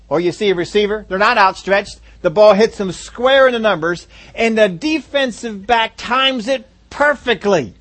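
A man preaching a sermon, animated, repeating phrases for emphasis and acting out a crowd's reactions. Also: sits high, moderate pace, few pauses. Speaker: pastor.

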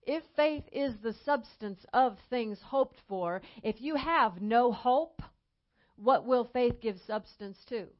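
Emphatic woman evangelist preaching. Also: on the high side. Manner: emphatic preaching, slowing and rising on key phrases. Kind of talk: sermon. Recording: dull lo-fi sound.

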